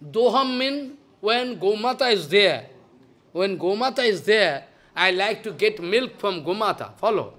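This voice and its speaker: A man giving a devotional lecture as a spiritual teacher, emphatic and scolding, swinging between loud outbursts and hushed asides. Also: sits high, animated, a little slow.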